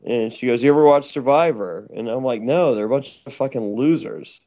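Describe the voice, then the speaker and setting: A man's voice: mid-range voice, normal speed, warm tone. A man guest telling a rambling, crude story, stammering and laughing often. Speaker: interview guest. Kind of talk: casual storytelling with crude jokes. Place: Los Angeles.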